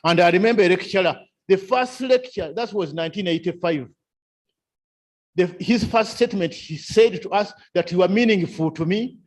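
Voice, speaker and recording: A man's voice: high voice, moderate pace. A man giving a seminar lecture, repeating key phrases and asking rhetorical questions. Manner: repetitive, rhetorical questions, chuckles often. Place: seminar room.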